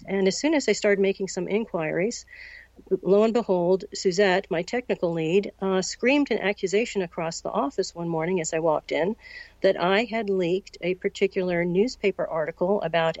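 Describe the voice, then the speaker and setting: Woman, 60s, from the United States, measured storyteller, quoted dialogue, dull lo-fi recording. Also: mid-range voice, darkish tone, no echo. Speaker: interview guest. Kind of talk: recounting a personal story.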